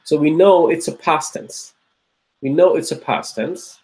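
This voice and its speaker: Male teacher, slightly higher voice, patient repeater, classroom lecture delivery. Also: darkish tone, poor audio. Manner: repeats words slowly, asks checking questions. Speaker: Arabic teacher.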